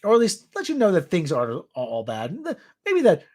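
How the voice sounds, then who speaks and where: A man hosts a casual news roundup. His voice sits high and swings widely in pitch. He rambles and tosses in jokey asides. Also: huge pitch swings, brisk, darkish tone. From New York area. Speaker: show host.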